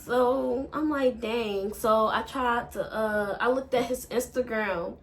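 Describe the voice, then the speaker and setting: A woman's voice: on the high side, fairly even intonation, slow pace. A woman vlogger, telling a breakup story in a rambling, emotional way and swearing a lot. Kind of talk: casual storytime.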